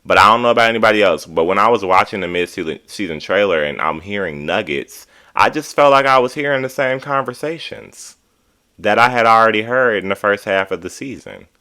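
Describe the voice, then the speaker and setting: A man hosting a casual reality TV recap, talking in an animated, sassy, opinionated way. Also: on the low side. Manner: animated, sassy, drawn-out commentary.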